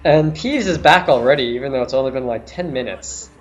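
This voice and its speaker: A man's voice: mid-range voice, fairly quick, highs cut off. Man chatting while he plays. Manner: chatty, running commentary on his play. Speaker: streamer playing a video game. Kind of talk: casual chat while gaming.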